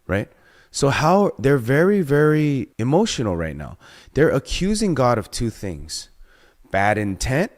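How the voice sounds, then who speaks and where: A man preaching a sermon, emphatic, with sudden rises in pitch and loudness and many rhetorical questions. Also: very animated, moderate pace.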